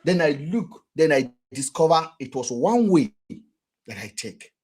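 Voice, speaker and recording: Husky Nigerian man, animated and high-pitched. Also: measured pace. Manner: animated, rhetorical, acts out quotes. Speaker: vlogger and commentator. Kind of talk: casual commentary.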